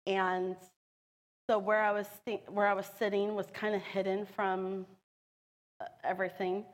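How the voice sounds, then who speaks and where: A woman's voice: mid-range voice, little pitch movement, a little slow, long reverb tail. A woman telling her own story in an earnest, emotional way, acting out the voices of the people she quotes. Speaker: storyteller sharing a personal testimony. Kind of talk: personal storytelling.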